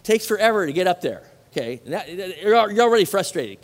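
A middle-aged man with a high-pitched voice delivers an animated sermon, firing questions at his listeners between casual asides. His voice rings out with a long reverb, as if in a large hall. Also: quick pace. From Southern California. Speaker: pastor.

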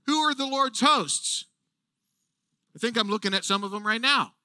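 High bright-voiced preaching man. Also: normal speed, pauses often, no room sound. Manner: earnest, animated preaching with emphatic asides. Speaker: pastor. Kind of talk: sermon.

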